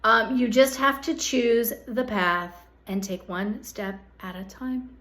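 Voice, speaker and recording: A woman's voice: fairly high pitch, steady tone, takes it slowly, very noisy. A woman giving a direct-to-camera psychic energy forecast, earnest and coaxing, often checking in with "okay?" as she speaks straight to the listener. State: hiccups.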